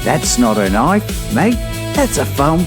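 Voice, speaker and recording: A man's voice: a little high, sing-song, slow pace, music in the background, voice pushed up. A man putting on an exaggerated Australian accent to play a brash outback bloke, full of slang. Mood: boisterous. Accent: put-on Australian. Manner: boisterous, slangy and over the top.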